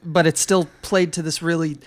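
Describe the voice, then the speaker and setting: A man on a film podcast, recapping the plot in a loose, meandering way, filling the gaps with "uh" and "like." His voice is slightly high for a man and smooth and clear. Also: flat delivery, moderate pace. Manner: rambling, full of "uh" and "like". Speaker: podcast co-host. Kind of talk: casual film discussion.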